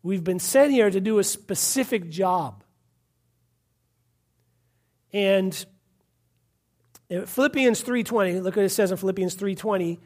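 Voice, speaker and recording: A man's voice: sits high, normal speed, darkish tone. A man from Massachusetts preaching a fervent sermon, repeating points and calling out hallelujahs. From Massachusetts, USA. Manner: fervent, repetitive, punctuated with hallelujahs.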